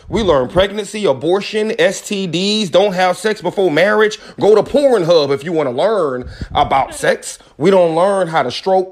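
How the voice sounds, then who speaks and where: A man telling a frank, profane story as a podcast guest. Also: high-pitched. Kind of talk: casual storytelling.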